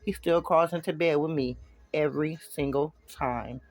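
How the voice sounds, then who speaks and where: A man's voice: a little high, normal speed, dry recording, lightly acted. A man reading as a smug, bitter ex on the phone. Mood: mocking. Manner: smug, snapping and cursing. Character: bitter, mocking woman, his rival's ex.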